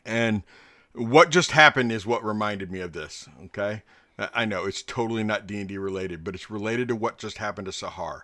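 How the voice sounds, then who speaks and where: A man's voice: lowish voice, fairly quick, sharp tone, dry recording. A man, the game master, rambling through a story at the table and checking in with "okay?" a lot. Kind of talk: casual table chat.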